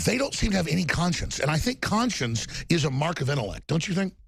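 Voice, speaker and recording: A middle-aged man hosting heated political talk, combative and fast, mocking people with put-on quotes. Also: fairly high pitch, big pitch swings, vocal fry, fairly bright tone, husky, no room sound. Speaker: talk show host.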